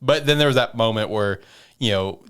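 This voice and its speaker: A man co-hosting an anime podcast who swears freely and retells scenes in an animated way. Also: on the low side, normal speed, clean tone. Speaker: podcast co-host. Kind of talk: casual anime recap chat.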